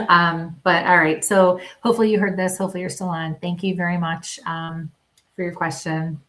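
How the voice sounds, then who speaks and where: A woman working as a medium, giving live psychic readings and talking haltingly with many pauses and small laughs. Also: lowish voice, little pitch movement, fairly bright tone.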